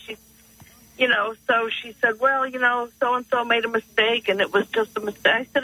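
A woman's voice: fairly high pitch, normal speed, sharp tone, breathy edge, no room sound. A woman from northeastern Pennsylvania calling into a radio show, telling a story earnestly and with animation. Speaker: caller. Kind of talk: phone-in storytelling. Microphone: telephone. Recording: tinny phone line.

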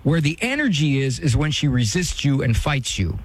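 A man's voice: mid-range voice, sing-song, normal speed, slightly rough. A man hosting a call-in advice show, coaching a caller directly and bluntly. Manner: direct, coaching, acts out quoted voices. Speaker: radio advice show host.

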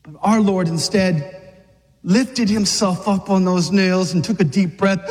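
High-pitched guy preaching hard to a room of men, dramatic, echoey hall. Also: measured pace, a little mellow. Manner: impassioned, dramatic, acts out voices. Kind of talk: sermon to men. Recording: long hall reverb.

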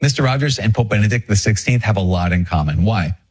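A man, a Catholic priest, talking casually to camera, chatty and self-deprecating with animated asides. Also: fairly low pitch, fast talker, slightly rough. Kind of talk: casual video talk.

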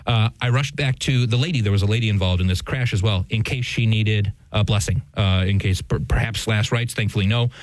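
A man's voice: on the low side, brisk, hardly any pauses, dry recording, rough recording. A man co-hosting a casual commentary podcast, chuckling often and speaking with many fillers and restarts. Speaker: podcast co-host. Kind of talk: casual news commentary chat.

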